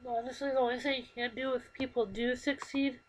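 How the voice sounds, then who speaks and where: A woman in her twenties speaking to her camera in a halting, earnest, emotional way, telling a personal story. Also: sits high, little pitch movement, slight background noise, rough recording. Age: 20s. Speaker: vlogger. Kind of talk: confessional personal talk to camera. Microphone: computer microphone.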